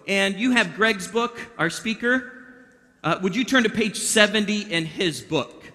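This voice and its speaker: A man's voice: high voice, unhurried, sharp tone. A man performing a mind-reading act for a youth audience, chatting playfully and directing volunteers. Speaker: magician performing for a youth group. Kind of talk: interactive stage patter. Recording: long hall reverb.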